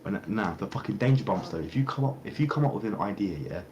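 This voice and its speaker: Out on a street with loud ambient noise, a young guy talks loosely in an interview, cursing freely and starting sentences over. His voice is on the low side, fast and lively in intonation, though the audio sounds dull.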